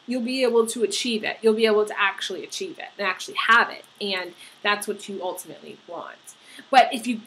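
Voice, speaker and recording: A woman giving a tarot horoscope reading, earnest and halting, with many fillers and restarts. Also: mid-range voice, lively intonation, a bit bright, low-quality recording. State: getting emotional. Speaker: tarot reader.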